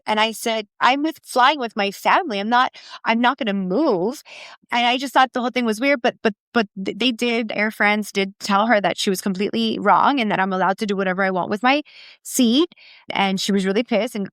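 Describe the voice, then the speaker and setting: A middle-aged woman co-hosting a podcast, telling a story in casual chat with many restarts and halting repeats. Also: fairly high pitch, fairly bright tone, dry recording. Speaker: podcast co-host.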